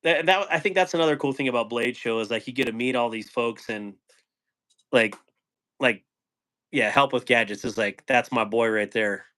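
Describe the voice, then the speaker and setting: A man's voice: medium pitch, normal speed, pushed and bright. A man hosting a casual livestream chat, laughing often and reading viewer comments aloud. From Wyoming. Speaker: host.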